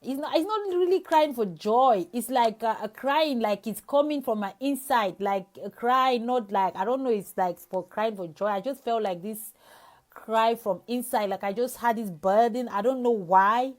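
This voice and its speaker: Speaking at a normal speed in a slightly high voice, a young woman evangelist reads scripture during a devotional sermon. She also offers a heartfelt personal testimony, often restarting her sentences.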